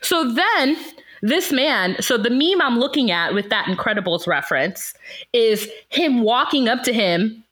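A woman's voice: fairly high pitch, expressive, measured pace, a bit bright. A young woman co-hosting a podcast, telling a story in casual chat with lots of laughter. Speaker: podcast co-host.

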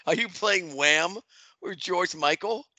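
A man's voice: high voice, takes it slowly, sharp tone, dry recording. A man co-hosting a podcast, cutting in with teasing questions in casual banter. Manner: teasing, cuts in with mocking questions. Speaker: podcast co-host.

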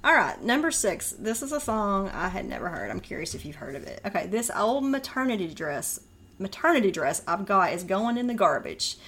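A woman's voice: mid-range voice, sing-song, a little fast, a bit bright. A woman co-hosting a podcast, chatting casually, laughing often and breaking into song while quizzing her sister. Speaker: podcast co-host. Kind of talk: casual chat, quizzing by reading and singing lyrics.

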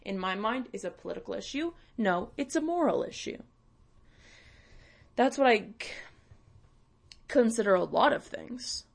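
A woman's voice: fairly high pitch, lively intonation, moderate pace, vocal fry, pauses often. A young woman from Canada, hosting and ranting bluntly with swearing and sarcasm. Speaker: podcast host. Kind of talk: ranting monologue.

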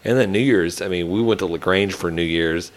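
A man's voice: deep voice, a little fast. A man hosting a podcast, telling stories in a laid-back, casual way. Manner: laid-back, storytelling, says dude. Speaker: podcast host. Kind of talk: casual chat.

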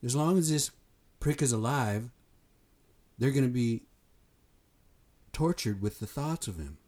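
A man's voice: mid-range voice, animated, unhurried, darkish tone. A man from the United States giving a blunt, fired-up opinion monologue, swearing and repeating himself for emphasis. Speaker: commentator.

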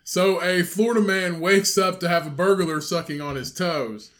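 A man's voice: high-pitched, normal speed, a bit bright. A man co-hosting a crude casual podcast, laughing often and reading a news story aloud. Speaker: podcast co-host.

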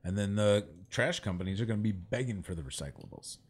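A man's voice: lowish voice, quick pace, breathy edge. A man co-hosting a podcast in casual chat, telling stories with energy and acting out the people he quotes. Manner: animated storyteller, acts out people he quotes. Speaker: podcast co-host.

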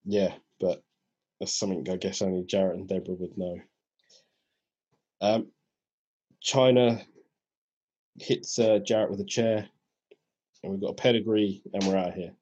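A man's voice: low-pitched, fairly even intonation, moderate pace, long pauses, warm tone, husky, muffled recording. A man co-hosting a podcast, chatting casually in a laid-back way and walking through the show's events. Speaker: podcast co-host. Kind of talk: casual chat.

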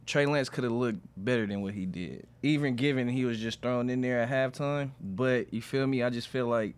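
A young man co-hosting a casual football podcast, relaxed and slangy as he breaks down plays. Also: mid-range voice, moderate pace, smooth. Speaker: podcast co-host. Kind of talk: casual sports chat.

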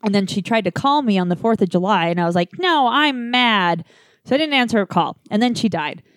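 A woman telling a dark personal story in casual chat, blunt and profane, with laughs between lines. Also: medium pitch, lively intonation, fast, no echo, clean studio sound.

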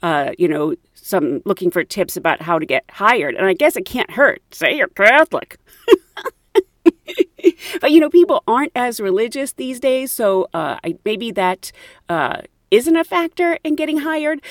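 A woman's voice: mid-range voice, moderate pace, no echo, studio quality. A woman, a former flight attendant, telling stories in a casual chat, laughing and acting out the dialogue. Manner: animated, laughing, acts out dialogue.

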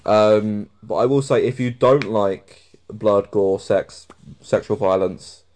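Chatty English man, lower voice. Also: slow pace, a little mellow. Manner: chatty, storytelling, laughs often, swears freely. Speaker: podcast co-host. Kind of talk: casual podcast chat.

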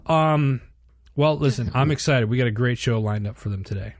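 A man's voice: mid-range voice, moderate pace. Chatty male podcast host. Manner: chatty, restarts and fillers, upbeat. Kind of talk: casual podcast hosting.

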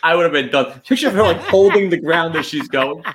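A man's voice: a little high, a little fast, crowd noise. An American man co-hosting a podcast, telling travel stories in a casual, profane, laughing way. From United States. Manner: animated, profane, laughs mid-story, acts out quotes. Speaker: podcast co-host. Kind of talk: casual chat, storytelling.

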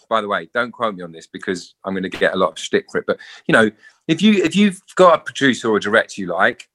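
A man, speaking in a lowish but bright voice. He talks casually as an interview guest. He jumps into quick impressions of the people in his stories. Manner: animated storyteller acting out quotes. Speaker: actor guest.

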